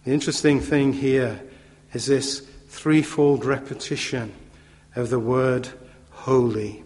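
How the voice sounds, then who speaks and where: A man preaching a sermon in a measured, emphatic way, with occasional fillers and repetition for stress. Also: medium pitch, fairly even intonation, a little mellow. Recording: long hall reverb.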